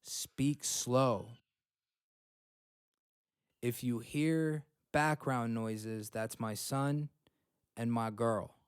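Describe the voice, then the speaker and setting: Speaking extremely slowly and leaving long pauses, this young podcaster delivers motivational self-help talk from home in a medium-pitched, steady voice. He's blunt, swears without hesitation, and keeps repeating himself with "okay?" and "right?". The sound is clean and studio-quality, with no echo.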